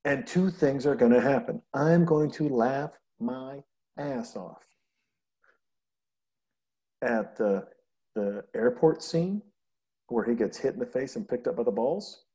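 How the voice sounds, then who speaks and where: A man with a mellow, darker voice talks in a loose, rambling way. He tells animated stories and swears freely in casual conversation. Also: medium pitch, takes it slowly, long pauses. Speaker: podcast host.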